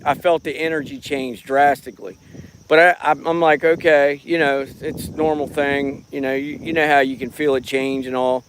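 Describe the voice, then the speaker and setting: This middle-aged man's voice sits on the high side, with a fairly bright, clear and resonant tone. He's live-streaming at night from a rural property as a paranormal watcher, phone in hand, chatting in a folksy, rambling way and greeting viewers by name.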